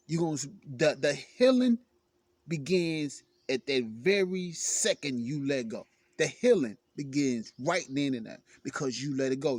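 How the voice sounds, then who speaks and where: A man delivers an emphatic self-help monologue, pressing his points by repeating them. His voice sits a little high for a man. The recording is close and dry, with no room echo. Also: a little mellow. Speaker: motivational speaker.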